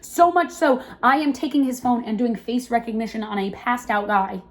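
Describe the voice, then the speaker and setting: Chatty animated young woman host. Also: on the high side. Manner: animated, chatty, quick to laugh, many fillers. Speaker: podcast host. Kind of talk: casual storytelling chat.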